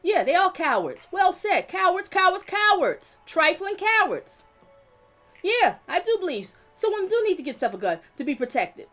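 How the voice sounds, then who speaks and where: High-voiced woman, blunt livestream host, cusses a lot, answers chat. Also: sing-song, normal speed, fairly bright tone, faint music behind. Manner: blunt, swears, talks to chat. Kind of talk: casual livestream talk.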